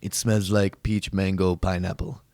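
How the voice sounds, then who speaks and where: A man's voice: deep voice, level tone, unhurried, a little mellow, no room sound. A man voicing an enemy soldier who suspiciously sniffs the air.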